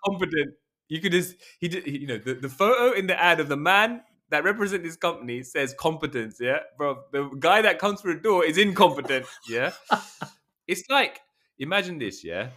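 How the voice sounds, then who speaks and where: Bright-voiced joking man. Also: a little high, animated, moderate pace. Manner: joking, playful, mimics voices. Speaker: podcast co-host. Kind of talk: casual chat.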